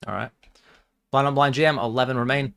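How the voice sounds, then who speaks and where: A man talks half to himself as he plays online poker on a stream, tallying what is left and tossing off dry asides. His voice sits at a middling pitch, and his tone stays casual and mumbling. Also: steady tone, fairly quick, gravelly, fairly bright tone. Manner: muttering, wry, thinks aloud. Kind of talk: casual live-stream commentary.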